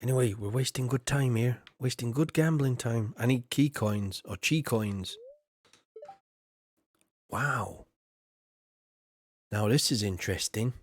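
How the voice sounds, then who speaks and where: Casual male streamer, mid-range voice, dry and close, rambling chat with frequent throat clearing. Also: medium pitch, slow, long pauses, no room sound. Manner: rambling and chatty, often clears his throat. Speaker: game streamer. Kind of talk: casual live-stream commentary.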